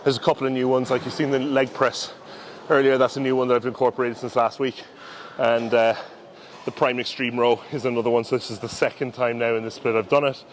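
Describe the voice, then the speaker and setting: Male bodybuilder, casual vlog coaching, mid-range voice, relaxed and instructive, faint gym hum behind. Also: mid-range voice, a little fast. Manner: relaxed, instructive, talks through gym cues with fillers. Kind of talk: casual training vlog commentary.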